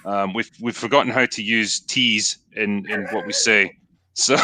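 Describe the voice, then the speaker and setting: A man's voice: fairly low pitch, slow pace, pushed and bright, dry recording. A man with a Scottish accent, co-hosting a casual chat, laughing often and swearing freely. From Scotland. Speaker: podcast co-host.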